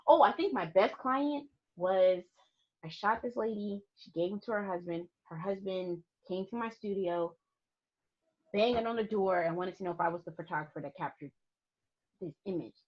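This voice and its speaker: Husky-voiced woman, animated storyteller. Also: mid-range voice, normal speed, dull audio. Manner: animated storyteller, laughs often, emphatic. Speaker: boudoir photographer, podcast guest. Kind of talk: casual interview chat.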